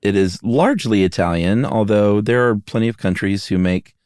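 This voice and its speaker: A man's voice: fairly low pitch, lively intonation, normal speed, darkish tone, smooth, no echo, clean studio sound. A man co-hosting a podcast in a laid-back, joking way, chatting casually. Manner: laid-back, jokey, hums little made-up songs. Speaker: podcast co-host. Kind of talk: casual chat.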